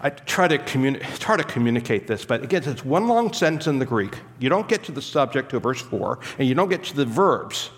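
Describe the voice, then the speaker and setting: Male pastor, mid-pitched, emphatic teaching sermon, long hall reverb. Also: very animated, fairly quick, hardly any pauses. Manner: teaching, emphatic, stops to explain Greek grammar. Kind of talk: expository sermon.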